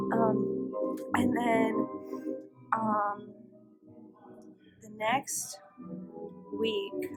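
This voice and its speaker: Teen girl, higher voice, chatty storyteller who acts out the quotes, faint music underneath. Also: rough recording. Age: teens. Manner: chatty, filler-heavy, acts out quoted lines. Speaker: interviewee. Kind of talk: casual storytelling.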